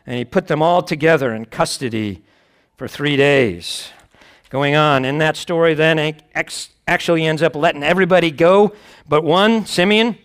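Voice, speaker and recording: A man's voice: on the high side, normal speed, fairly bright tone, clean tone. A man preaching, reading scripture aloud and explaining it in a conversational way, with wry asides.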